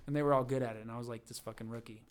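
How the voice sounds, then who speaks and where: A man's voice: medium pitch, racing, slight background noise. Young man rambling through a casual story. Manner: rambling, animated storytelling with many fillers and acted-out quotes. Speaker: podcast guest. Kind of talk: casual chat.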